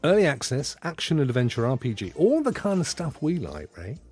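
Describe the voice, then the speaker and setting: Brisk and a little breathy, the British gaming-podcast co-host jokes around and drifts from topic to topic, his pitch jumping all over. Faint music plays behind him.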